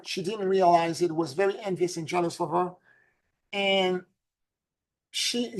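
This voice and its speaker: Woman doing a spiritual talk, earnest storyteller, repeats stuff for emphasis, goes quiet then punchy. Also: mid-range voice, poor audio. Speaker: spiritual teacher.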